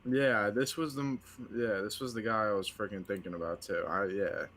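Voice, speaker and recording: A man with a somewhat low voice telling fan stories on a sports stream. He acts out what other people said, and his talk is loose and full of "like" and "yo". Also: moderate pace. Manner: excitable storyteller, acts out quotes, lots of "like" and "yo". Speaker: co-host of a sports watch-party stream. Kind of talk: casual sports chat.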